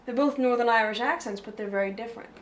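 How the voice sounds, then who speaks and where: A woman's voice: fairly high pitch, quick pace, a little hiss or hum. A woman from southeastern Pennsylvania with a Philadelphia American accent, chatting casually as co-host and rambling with lots of fillers. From southeastern Pennsylvania, USA. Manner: rambling, heavy on fillers like "like" and "you know". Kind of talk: casual chat.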